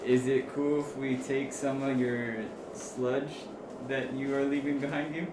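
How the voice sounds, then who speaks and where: A man's voice: mid-range voice, little pitch movement, measured pace. Man playing a tabletop game. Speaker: player. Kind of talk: casual tabletop play. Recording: roomy home recording with faint noise.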